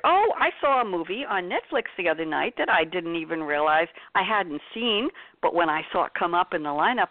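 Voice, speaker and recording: Middle-aged woman from New York, radio host, breezy and gushing; lowish voice, dry, phone-thin sound. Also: no echo, narrow, tinny audio. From New York, United States. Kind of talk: chatty radio talk segment.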